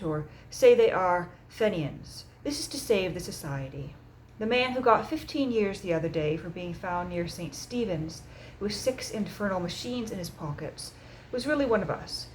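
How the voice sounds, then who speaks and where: A woman voicing a calm, measured man who leads a secret society, speaking gently and matter-of-fact in an audiobook reading. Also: on the low side, a little hiss or hum, close to an everyday voice, poor audio.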